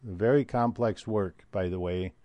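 Rambling older man with a low, mellow voice. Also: no echo. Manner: rambling and digressive, with frequent hesitant pauses. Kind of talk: solo talk monologue.

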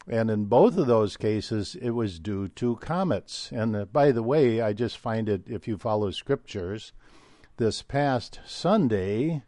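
Rambling older man with a low, mellow voice. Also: lively intonation, no echo. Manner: rambling and digressive, with frequent hesitant pauses. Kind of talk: solo talk monologue.

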